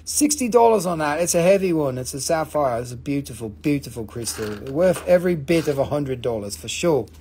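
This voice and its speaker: A man's voice: fairly high pitch, lively intonation, brisk, hardly any pauses, darkish tone, a little hiss or hum. A man hosting a live gemstone sales stream, rambling, joking and swearing as he calls out buyers and prices. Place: family-owned rock shop.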